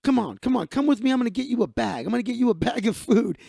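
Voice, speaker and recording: A man putting on the voice of a cheery, generous stranger who offers food to everyone, loud and eager, repeating himself. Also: very high voice, lively intonation, fast talker, creaky, husky, dry recording, clean studio sound, pitched above the performer's own voice, full character voice. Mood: soothing.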